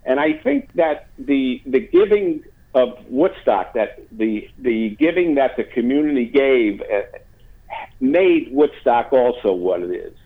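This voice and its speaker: A man's voice: mid-range voice, sing-song, slow pace. A man being interviewed as a guest, telling a story in a rambling way with many fillers and restarts. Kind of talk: phone interview. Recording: tinny phone line.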